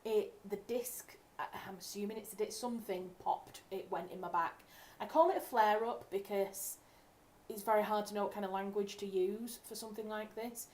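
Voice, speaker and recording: A woman's voice: mid-range voice, steady tone, normal speed, darkish tone. Chatty woman rambling on a livestream. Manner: chatty, rambling, self-correcting. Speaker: writer hosting a livestream. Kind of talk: casual livestream chat. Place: home room.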